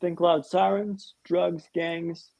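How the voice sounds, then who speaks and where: Male interview guest, raised pitch, gravelly, dramatic storyteller with a humorous streak, dull lo-fi line. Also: little pitch movement, takes it slowly, darkish tone, no echo. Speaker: podcast guest.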